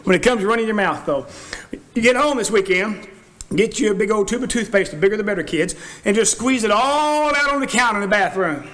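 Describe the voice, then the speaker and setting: A man preaching a sermon in a church, folksy and animated, often acting out quoted voices. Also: high voice, a little fast.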